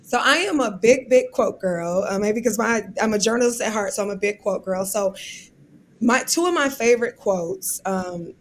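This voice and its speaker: A woman's voice: medium pitch, normal speed, a little hiss or hum. A woman guest on a podcast interview, talking earnestly and openly about how she copes, getting emotional as she recalls it. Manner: earnest, open, emotional when recalling self-soothing. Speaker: guest, civil rights attorney.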